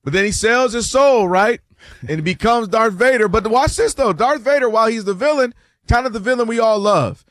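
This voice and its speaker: A man hosting a sports talk show, arguing his point in casual debate and acting out quoted fans and players in a higher voice. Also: animated, brisk, a bit bright, no room sound, studio quality.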